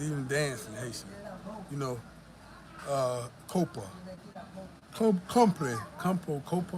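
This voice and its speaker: Casual male vlogger, worn out after a workout, loose and profane, heavy traffic noise behind him. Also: medium pitch. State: tired after the gym. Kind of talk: casual vlog talk. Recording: loud traffic and street noise.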